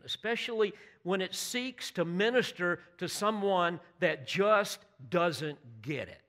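A man in the pulpit with a somewhat high voice, preaching with earnest emphasis. He builds to fervent peaks and often turns to his listeners with direct questions. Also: expressive, measured pace, few pauses, a bit bright. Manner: earnest, emphatic preaching with rising bursts of intensity. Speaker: pastor. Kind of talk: sermon.

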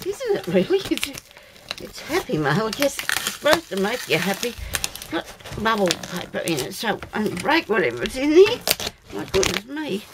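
In this noisy home recording, a middle-aged woman unboxes a parcel for her viewers, musing aloud and letting out exclamations. She speaks at a normal speed in a mid-range, sing-song voice, keeping the chat casual.

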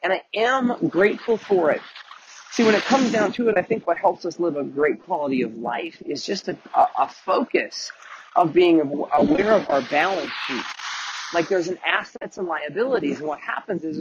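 Earnest man talking on a noisy beach. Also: sits high. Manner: earnest, candid, with casual swearing and frequent restarts. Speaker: podcast host and mentor. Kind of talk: casual motivational monologue. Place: outdoors on a beach at night, walking with waves. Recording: muffled outdoor recording with wave noise. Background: crashing waves.

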